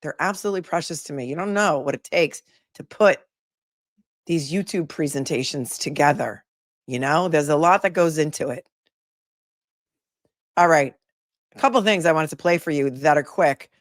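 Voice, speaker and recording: A woman's voice: low voice, normal speed, long pauses, no echo. Chatty woman livestream host, dry sound. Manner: chatty, reads comments aloud and answers them. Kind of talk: casual livestream chat reading viewer comments.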